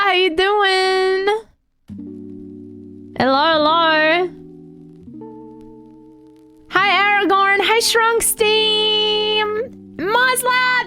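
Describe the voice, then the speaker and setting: A woman's voice: sits high, a bit bright. A woman streamer chatting with her viewers on a live stream, bubbly and greeting each by name.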